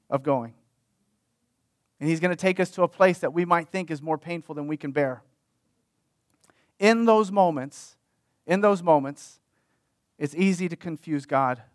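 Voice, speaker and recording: A man delivers a sermon with a fairly high voice. The sound is dry and close, with no room echo. He preaches in a conversational way and circles back on his key phrases to stress them. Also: fairly bright tone. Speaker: pastor.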